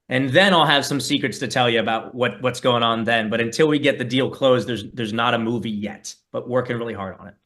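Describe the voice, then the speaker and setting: A man answering fan questions in a relaxed, thoughtful casual chat over a video call, with plenty of fillers. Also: mid-range voice. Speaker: guest musician meeting fans.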